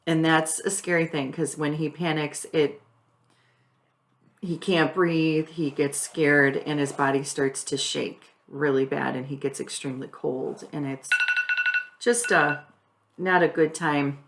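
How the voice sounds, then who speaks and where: Low-voiced woman explaining plainly. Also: fairly even intonation, unhurried, slight background noise. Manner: laughs often, explains plainly. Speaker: wife and caregiver explaining hospice care. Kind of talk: casual chat.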